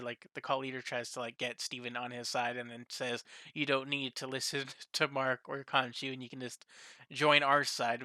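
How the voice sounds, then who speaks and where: A man's voice: mid-range voice, pushed and bright, clean tone, no echo. A man giving a rambling, casual episode review on his channel, circling back and restarting often. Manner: rambling, lots of fillers and restarts. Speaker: YouTube reviewer.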